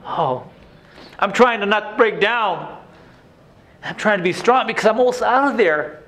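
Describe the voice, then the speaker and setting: A male actor plays a haunted inmate reliving his painful youth in an emotional theatrical monologue, halting and full of stammered restarts. His high voice is expressive and fairly bright, and the mood is anguished.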